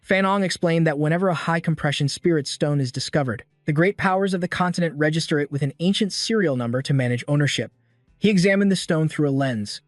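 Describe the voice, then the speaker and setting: A man reading a story recap as scripted narration, in a steady, even storytelling manner. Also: fairly high pitch, a little fast, no room sound, studio quality, soft background music.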